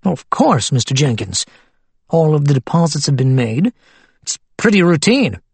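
A man's voice: fairly high pitch, sing-song, normal speed, gravelly, a little mellow, husky, no room sound, full character voice. A man voicing an obliging young junior partner who answers in an easygoing, matter-of-fact way.

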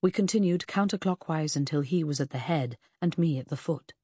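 A woman narrating a novel in the first person, in a measured reading that slows on grim details. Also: low-pitched, warm tone, slightly rough, no room sound, clean studio sound. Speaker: audiobook narrator.

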